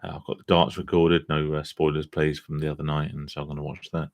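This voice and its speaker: A man with a very low, gravelly voice chats on a live stream. He sounds tired and talks loosely and frankly, with casual swearing. The sound is close and dry. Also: flat delivery, fast, no room sound. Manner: chatty, self-deprecating, swears casually. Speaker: live-stream host on gambling recovery. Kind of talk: casual live-stream chat reading viewer comments.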